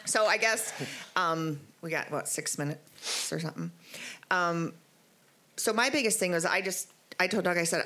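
A middle-aged woman giving a testimony at church, telling her story in an animated, rambling way with many fillers. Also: on the low side, normal speed. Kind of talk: spoken testimony.

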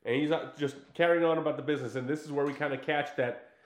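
Quick and fairly high-pitched, this man's voice echoes around the room as he casually recaps a film on a podcast. He tells it energetically, acts out the dialogue, and swears freely.

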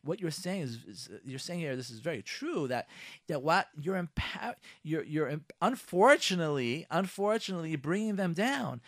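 A man hosting a live radio talk show, quick and animated, acting out heated quotes in his talk. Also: fairly high pitch, dry recording, studio quality.

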